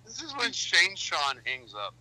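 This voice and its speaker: A man's voice: fairly high pitch, wildly swooping pitch, a little slow, a crowd in the background, low-quality recording. A man co-hosting a podcast, chatting casually, bossy and swearing a lot. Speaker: podcast co-host. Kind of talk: casual profane banter.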